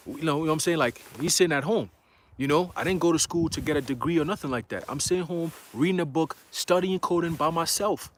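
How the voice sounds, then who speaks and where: A man's voice: fairly high pitch, fast talker, a little hiss or hum. A young man giving a casual church testimony, slangy and full of "you know" fillers, acting out the voices in his story. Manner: excitable, acts out quoted voices.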